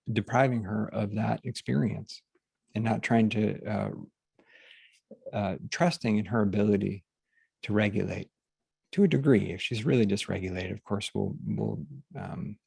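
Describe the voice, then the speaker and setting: A man hosting a group session, talking casually and haltingly, with many fillers and restarts, over a video call. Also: lowish voice, creaky, darkish tone, husky, dry recording. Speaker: workshop host. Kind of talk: casual teaching talk to a group.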